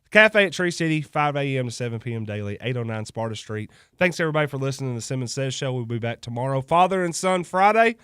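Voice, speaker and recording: A man's voice: mid-range voice, expressive, fast talker, hardly any pauses, bright, forceful tone, clear, resonant tone, no room sound. A man hosting a local radio show, chatting loosely, joking and laughing between sponsor reads in a studio. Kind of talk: casual on-air chat with sponsor reads. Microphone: studio microphone.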